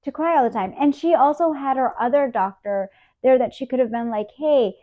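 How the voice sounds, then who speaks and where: A high-pitched woman in her thirties, slightly fast, is the guest in an interview, frankly describing a painful personal experience. She retells it with emotion and animation, voicing the dialogue herself, and the audio is tinny, like a phone.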